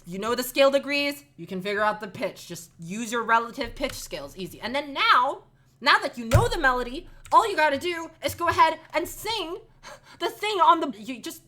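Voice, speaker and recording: A woman's voice: a little high, bright, forceful tone. A young woman giving a comedic, exasperated rant about music theory. She talks emphatically, sighs, and laughs at herself.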